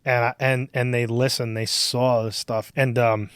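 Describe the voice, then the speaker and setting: A man in his thirties hosts a casual podcast, rambling through stories with plenty of swearing and filler words. His voice sits at a middle pitch. The sound is dry and close, with no room echo. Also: flat delivery, moderate pace, fairly bright tone, smooth. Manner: profane, rambling storyteller with many fillers. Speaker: podcast host.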